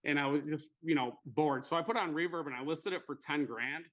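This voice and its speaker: In a bright, rather high voice and at a slightly fast clip, a man spins a meandering tale during relaxed chat. His delivery is animated and energetic, with plenty of cursing.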